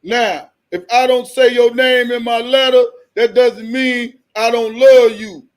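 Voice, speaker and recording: A man with a strikingly high voice hosts a casual live stream. He talks slowly and loosely, jokes a lot and keeps breaking into laughter. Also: fairly even intonation.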